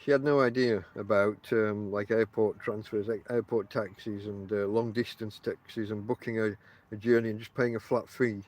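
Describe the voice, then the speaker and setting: A man's voice: lowish voice, steady tone, moderate pace, hardly any pauses, darkish tone. A middle-aged man with a mixed Yorkshire and Lancashire accent, hosting a casual podcast and rambling through his stories with many ums and restarts. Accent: northern English, mixed Yorkshire and Lancashire. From England. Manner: meandering, chatty, many ums and restarts, addresses listeners directly. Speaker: podcast host. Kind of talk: casual rambling monologue to listeners. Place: outdoors on the coast.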